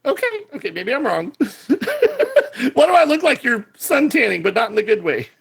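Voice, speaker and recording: A man co-hosting a casual movie podcast, talking in animated bursts that jump from high excited peaks to low asides. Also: normal speed, gravelly, slightly rough. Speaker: podcast co-host.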